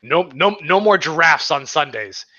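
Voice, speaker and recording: A man on a podcast, stumbling over his words as he asks in disbelief how things came to be, with plenty of swearing. His voice is bright, but the recording is dull and a bit lo-fi. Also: on the high side, expressive, normal speed. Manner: incredulous, stammering questions, profane. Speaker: podcast co-host. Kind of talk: casual podcast banter.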